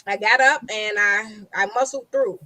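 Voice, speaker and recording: A woman's voice: medium pitch, normal speed, pushed and bright, no room sound, low-quality recording. A woman talking with emphasis in a casual conversation, repeating herself as she tells a personal story. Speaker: guest. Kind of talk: casual chat.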